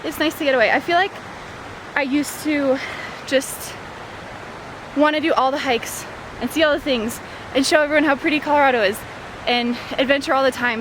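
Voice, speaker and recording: A woman in her late twenties chatting casually for her vlog outdoors at a forest campsite, rambling and giggly as she talks. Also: high voice. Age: late 20s. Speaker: vlogger. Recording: outdoor recording with clear background noise.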